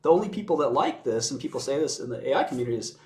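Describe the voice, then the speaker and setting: A man's voice: mid-range voice, animated, rapid-fire, a little mellow. A man giving his views in casual conversation, blunt and sardonic, often laughing as he mocks. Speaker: commentator. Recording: roomy echo.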